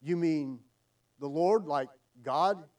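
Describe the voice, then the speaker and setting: Preacher acting out a high, frantic man calling for rescue, slightly distant mic. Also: takes it slowly. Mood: pleading. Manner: frantic yelling for help. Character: panicked man hanging from a cliff.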